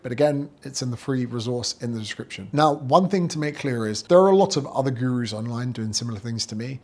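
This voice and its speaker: A man's voice: mid-range voice, a little mellow. A man coaching personal trainers on business in a blunt, sweary, straight-talking monologue. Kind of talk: direct-to-camera advice monologue.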